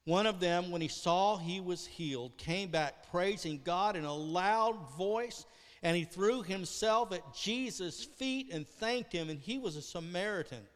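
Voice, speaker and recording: A high-voiced man preaches in a church sanctuary, telling the story with great animation and acting out the voices. He swings from loud outbursts to near-whispered lines. His voice rings with the long reverb of a large church hall. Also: a little slow. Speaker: pastor. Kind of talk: sermon.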